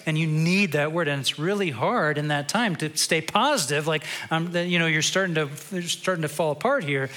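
A male pastor giving a sermon in a conversational, storytelling way, turning quiet and reflective at times. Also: a little high, lively intonation, fairly quick, hardly any pauses.

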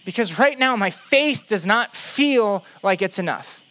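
A doubting disciple begs to see proof before he will believe, as a man preaching puts him on. The voice is high and bright, and it keeps pressing and pleading. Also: lively intonation, unhurried, exaggerated voice. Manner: pleading, insistent.

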